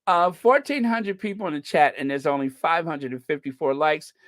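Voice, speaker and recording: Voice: medium pitch, normal speed, no room sound, studio quality. A host from the United States chatting casually on a livestream, giggling at their own jokes and thanking viewers.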